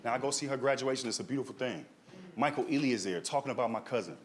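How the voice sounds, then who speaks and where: A young male stand-up comedian on stage, telling a story with animated energy. He keeps checking in with quick asides like "right?" while talking into a handheld mic at a middle pitch. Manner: animated, tags lines with "right?" and "dog".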